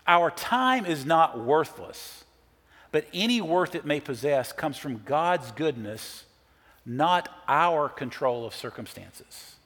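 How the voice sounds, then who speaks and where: A man's voice: fairly high pitch, fairly bright tone, in a large hall. A middle-aged man preaching a sermon as a pastor, telling stories in an earnest way and quoting others. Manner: earnest storytelling with quoted voices.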